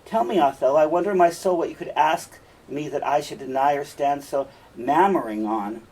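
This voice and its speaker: A man's voice: fairly high pitch, fairly quick, darkish tone, close to an everyday voice. Devoted wife Desdemona, read by a man. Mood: coaxing. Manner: coaxing and persistent. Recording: distant mic, faint room noise.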